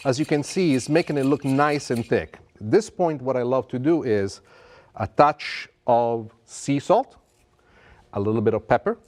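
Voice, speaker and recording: Lively cooking show host. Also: male voice, mid-range voice. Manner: enthusiastic and playful, with joking asides. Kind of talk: TV cooking demonstration.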